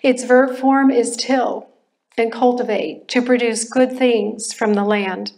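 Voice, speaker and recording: An older woman giving a personal testimony at a church class, speaking in a slow, reflective way with pauses and restarts. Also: on the high side, fairly even intonation, darkish tone. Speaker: church member sharing testimony.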